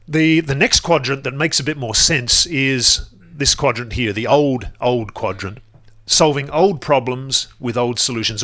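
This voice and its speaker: A man giving a relaxed, explanatory lecture in front of a presentation screen, with frequent restarts. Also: lowish voice.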